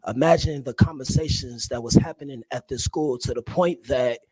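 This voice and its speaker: A man in his thirties, an activist, giving an emotional public speech, halting and full of hesitations. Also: medium pitch, a little mellow, slightly rough, no echo, low-quality recording.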